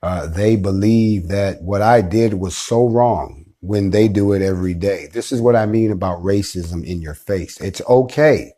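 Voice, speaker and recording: A man with a fairly low voice hosts a live online show. He delivers a defiant, preacher-like monologue. He often drops slow and quiet, then builds to loud, forceful declarations. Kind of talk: impassioned live-stream monologue.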